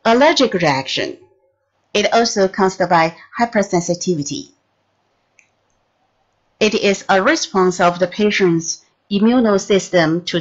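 Slow, halting woman lecturing. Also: fairly low pitch, dull audio. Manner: halting, many restarts and fillers, non-native phrasing. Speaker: pharmacology lecturer. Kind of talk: recorded lecture.

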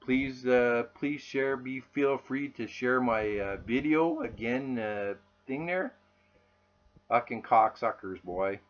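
A man's voice: mid-range voice, slow pace. A man delivers an angry, profane rant to camera, swearing constantly in a raw, furious voice. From Canada. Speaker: vlogger. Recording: dull lo-fi recording.

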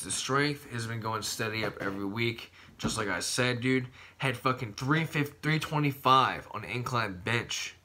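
Profane rambling man, bright forceful voice. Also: fairly low pitch. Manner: profane, rambling, says "dude" constantly. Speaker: fitness vlogger. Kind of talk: casual vlog talk.

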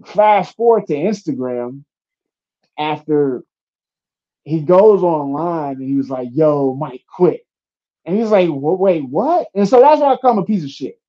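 A young UFC fighter with a slightly high voice talks at a moderate pace in a casual interview, over dull audio. He's an animated storyteller who acts out quotes and swears a lot.

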